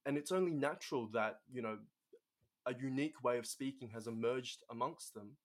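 A man's voice: mid-range voice, normal speed. A young man from Australia with an Australian accent, telling a story as a guest in casual conversation, chatty with many fillers.

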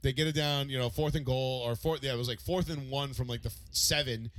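A man co-hosting a casual chat show, telling a story in an excitable, profane way with loud re-enacted outbursts. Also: medium pitch, fairly quick. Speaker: podcast co-host.

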